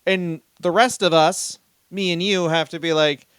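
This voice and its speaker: A man's voice: a little high, fairly even intonation, a little slow, fairly bright tone, smooth, no echo, clean studio sound. A man co-hosting a podcast in casual comedic chat, crude and profane as he riffs jokes. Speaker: podcast co-host.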